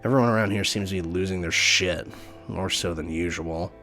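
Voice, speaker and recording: A man's voice: low-pitched, fairly quick, fairly bright tone, soft background music. A man voicing a small, jittery young male bat who swears a lot and gets defensive, read from a game. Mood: weary, anxious.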